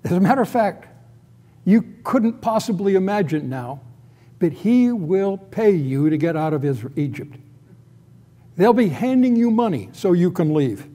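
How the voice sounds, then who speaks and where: Older man, preacher, sermon, slow measured delivery, mellow tone, emphatic. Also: on the high side, expressive. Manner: slow, deliberate, emphatic on key phrases. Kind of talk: expository sermon.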